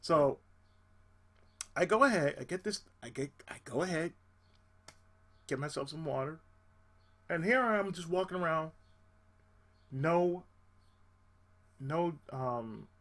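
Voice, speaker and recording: A man hosting his channel, telling a personal story as a casual rant. He is animated and exasperated and swears freely. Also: fairly high pitch, slow, pauses often.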